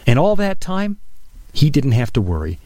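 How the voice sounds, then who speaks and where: A middle-aged man preaching an earnest, emphatic radio sermon, dropping his voice low on key phrases. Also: huge pitch swings, normal speed, darkish tone, dry recording. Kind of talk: broadcast sermon.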